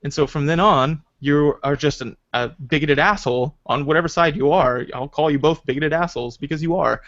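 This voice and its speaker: A man hosting a casual podcast chat, rambling and animated, with lots of restarts and "like" fillers. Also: a little high, brisk. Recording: slightly dull lo-fi recording.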